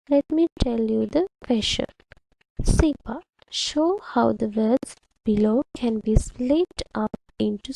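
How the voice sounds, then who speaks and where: Slow, gravelly teacher woman. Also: on the high side, mellow, dry recording, rough recording. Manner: patient, repeats words syllable by syllable. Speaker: primary English teacher. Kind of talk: slow, deliberate classroom instruction to children.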